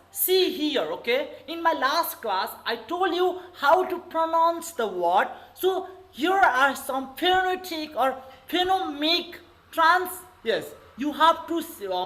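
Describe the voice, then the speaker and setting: A man's voice: very high voice, pushed and bright, poor audio. A male English teacher with a Nepali accent, giving an online lesson and calling on the class over and over. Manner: repetitive, keeps calling on the class with okay and everybody.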